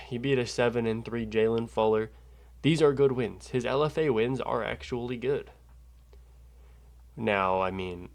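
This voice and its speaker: Profane, ranting fight-picks man. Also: on the low side. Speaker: MMA betting analyst. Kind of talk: casual fight breakdown.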